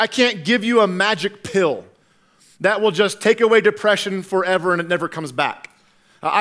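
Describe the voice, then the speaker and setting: A male pastor preaching a sermon earnestly, dropping to a hush at times and repeating words as he goes. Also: high voice. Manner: earnest, swings from loud to hushed, repeats words.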